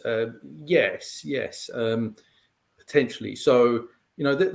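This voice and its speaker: A male pundit, mid-pitched and steady, walks through the background in a measured, explanatory way. His talk is loose and conversational, full of "um" and "you know". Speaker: guest pundit. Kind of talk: conversational analysis.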